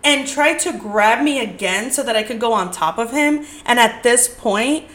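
A woman's voice: a little high, animated, normal speed, a bit bright. A young woman hosting a podcast, telling dating stories in a candid, profane, rambling way with lots of "like". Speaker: podcast host. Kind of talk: casual storytelling podcast.

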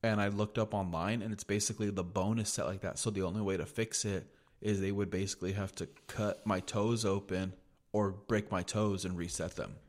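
Talking a little fast with fairly even intonation and a lowish voice, a young man from the United States hosts a podcast. He spins a story in an easygoing way, cursing freely and leaning heavily on "like".

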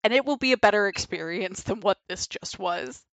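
A woman's voice: medium pitch, lively intonation, fairly quick, vocal fry, a crowd in the background. Young woman telling a frank story. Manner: laughing, frank, swears freely, acts out her own reactions. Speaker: guest. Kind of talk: casual storytelling on a podcast.

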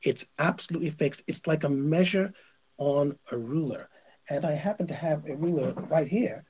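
Husky insistent male radio host. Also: fairly high pitch, normal speed, a little mellow, lo-fi sound. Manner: emphatic, insistent, repeats points. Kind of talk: opinionated commentary.

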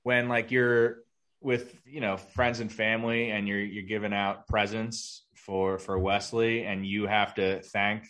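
A man's voice: fairly low pitch, flat delivery, a little slow, a bit bright. Easygoing man telling wry stories. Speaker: podcast co-host. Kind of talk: casual chat.

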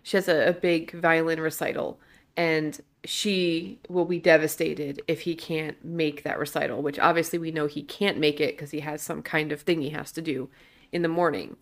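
A woman with a slightly low voice, chatting on a movie podcast. She makes wry, mocking comments about the plot in a relaxed, casual way. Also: moderate pace. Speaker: co-host of a bad-movie podcast. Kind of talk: casual chat.

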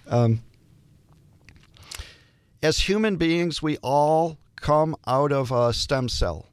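An older man, a hospital chaplain, telling stories in an interview and acting out the dialogue with lively shifts in voice. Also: medium pitch, no room sound. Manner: animated storyteller, acts out dialogue. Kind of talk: storytelling interview.

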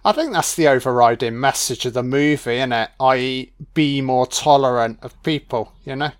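A man's voice: medium pitch, moderate pace, smooth. Sweary, chatty man. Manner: profane, chatty, laughs often. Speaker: film commentator. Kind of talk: casual audio film commentary.

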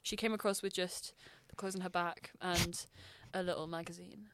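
A woman's voice: on the low side, steady tone, normal speed, a bit bright, no room sound. A young adult woman, rambling through an improvised comic story and giggling often. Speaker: improv comedian.

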